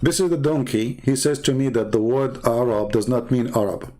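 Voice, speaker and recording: Man, English, heated rant, mocking, insulting, average pitch. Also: moderate pace, a little mellow. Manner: scornful, insulting, mocking laughs. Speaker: online debate speaker. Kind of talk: heated ranting monologue.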